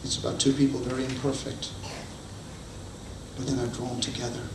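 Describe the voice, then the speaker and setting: A male pastor preaches a sermon and brings his stories to life by acting out each quote. His voice has a gravelly edge and sounds distant, caught by a far-off mic in an echoey hall with a faint hum behind it. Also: mid-range voice, flat delivery, moderate pace. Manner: storytelling, acts out quotes. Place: church hall.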